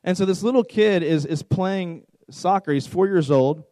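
Animated, joking youth pastor man. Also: sits high, moderate pace, dry recording, rough recording. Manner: conversational, repeats words, animated and joking. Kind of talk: sermon to a youth group.

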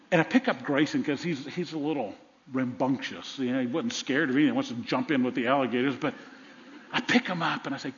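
An older man preaching a sermon to a congregation, lively and conversational, dropping to a soft whisper for tender lines. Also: on the high side. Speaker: pastor. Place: church sanctuary. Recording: muffled sound with long reverb in a large hall.

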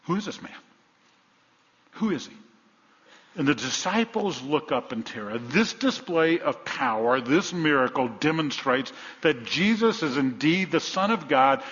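A man preaching a sermon as pastor, dramatic, swinging between hushed and loud delivery. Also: fairly high pitch, expressive, measured pace, hardly any pauses. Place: church sanctuary. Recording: dull, long-reverb church hall.

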